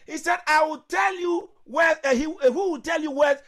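A man preaching a fervent sermon in a very high, bright voice. He shouts his lines, calls on listeners to repeat after him and breaks into tongues between phrases. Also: moderate pace. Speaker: pastor.

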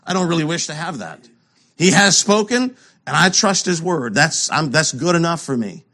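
A man preaching a sermon, asking rhetorical questions and swinging between loud emphasis and hushed lows. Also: lively intonation, moderate pace.

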